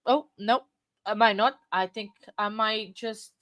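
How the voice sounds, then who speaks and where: A woman hosting a livestream, talking in a rambling, halting way while she has the hiccups. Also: mid-range voice, very noisy. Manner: rambling, self-interrupting, halting. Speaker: livestream host. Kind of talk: casual livestream chat. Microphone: desk microphone.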